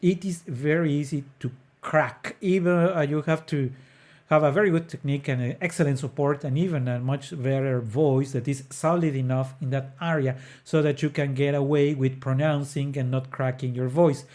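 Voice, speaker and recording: A man's voice: medium pitch, fairly even intonation, moderate pace, darkish tone. A man hosting an opera podcast, explaining an aria earnestly with frequent hesitant fillers. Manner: breaks into sung phrases to demonstrate notes. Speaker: podcast host.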